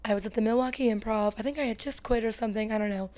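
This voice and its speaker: A woman comedian from Los Angeles chats as a guest on a comedy podcast. Her voice sits a bit high, and she keeps slipping into other people's voices as she tells a story. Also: racing, darkish tone. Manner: chatty, acts out quoted voices. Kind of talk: casual comedy podcast chat.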